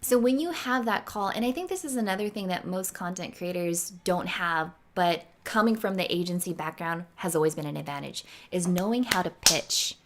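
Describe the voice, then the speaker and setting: Animated woman guest on a video call. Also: fairly low pitch, moderate pace, hardly any pauses, slight background noise. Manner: animated and emphatic, acts out quotes. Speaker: guest expert on brand partnerships. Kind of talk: casual livestream interview.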